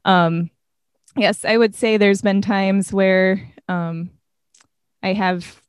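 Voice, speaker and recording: A woman's voice: medium pitch, fairly even intonation, slow pace, smooth, dry recording, studio quality. A woman in a casual faith conversation, talking reflectively with many "you know" fillers.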